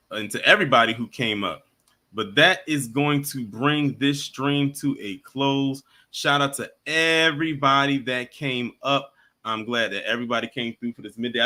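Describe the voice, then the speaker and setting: A man hosting a livestream, chatting casually with viewers and wrapping up the show. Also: mid-range voice. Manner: relaxed, chatty, gives shout-outs. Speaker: livestream host.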